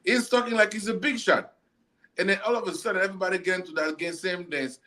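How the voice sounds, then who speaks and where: A man's voice: high-pitched, fast, sharp tone. A man hosting a casual football chat, ranting bluntly and repeating himself as he argues.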